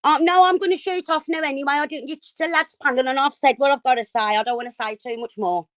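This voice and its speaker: A chatty woman with a high voice, brisk as she signs off a livestream panel, dropping in filler ums. The mic is close and dry. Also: steady tone, no echo. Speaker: panel guest. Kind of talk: casual livestream panel chat.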